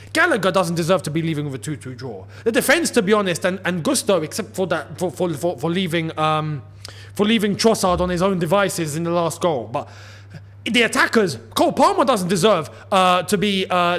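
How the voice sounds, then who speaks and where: A man's voice: high-pitched, a bit bright. A man hosting a football channel, delivering an exasperated, emphatic post-match rant with lots of repetition.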